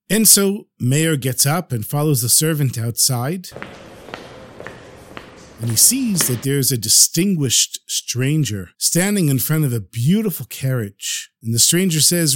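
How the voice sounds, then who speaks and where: Man, storyteller, podcast, lively expressive pitch, slightly high voice, dry close recording. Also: measured pace, dry recording. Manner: animated, expressive narration.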